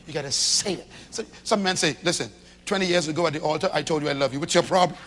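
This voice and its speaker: A man preaching a sermon to a live congregation, swinging from shouts to low confiding tones and acting out little dialogues in different voices. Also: fast talker, a little hiss or hum. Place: church hall with a congregation.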